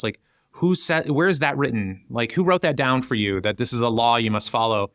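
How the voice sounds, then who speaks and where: A man's voice: a little fast, dry recording, clean studio sound. A middle-aged man, a guest author on a podcast, talking casually and animatedly, his voice jumping up when he acts out quoted voices. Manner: animated, jumps up in pitch acting out quoted voices.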